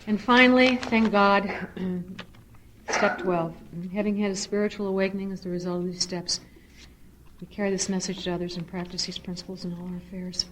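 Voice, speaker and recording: A middle-aged woman giving a personal testimony at a recovery meeting. She tells her story in an animated, earnest way and shifts into spiritual reflection. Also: normal speed, a little hiss or hum. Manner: animated storyteller, swings to high excited re-enactment. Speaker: speaker sharing at a recovery meeting.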